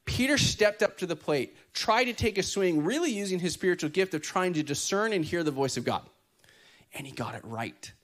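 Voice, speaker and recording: A man, preaching a lively sermon full of jokes and acted-out quotes. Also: sits high, normal speed. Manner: lively, joking, acts out quoted voices. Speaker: pastor.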